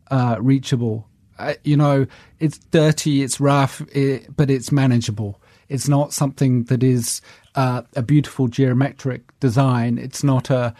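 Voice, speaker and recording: A man's voice: mid-range voice, dark tone, dry recording, studio quality. A man as an interview guest, speaking articulately and earnestly in a casual conversation.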